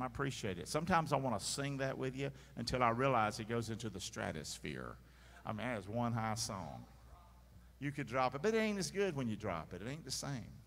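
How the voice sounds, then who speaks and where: Bright-voiced pastor preaching. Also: male voice, mid-range voice, creaky. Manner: energetic, calls for congregation responses. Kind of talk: sermon. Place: large church sanctuary. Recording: long hall reverb in church.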